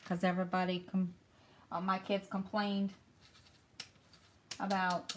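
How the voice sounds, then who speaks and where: Middle-aged mom chatting to her stream while she crafts, soft rambly talk, lots of ums. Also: mid-range voice, flat delivery, slow pace, pauses often. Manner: rambling, soft, thinking aloud with fillers. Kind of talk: casual chat while diamond painting. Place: home.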